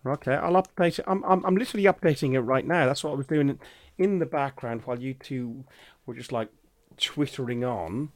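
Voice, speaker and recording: A man's voice: mid-range voice, a little fast, dry recording, clean studio sound. A middle-aged man with an Irish accent hosting a casual podcast chat, joking, swearing and laughing a lot. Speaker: podcast host.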